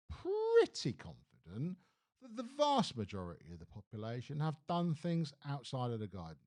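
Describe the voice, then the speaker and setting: A man hosting a live stream, ranting bluntly about the news with lots of swearing. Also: a little high. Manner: blunt, animated, swears freely. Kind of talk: casual opinion rant on a live stream.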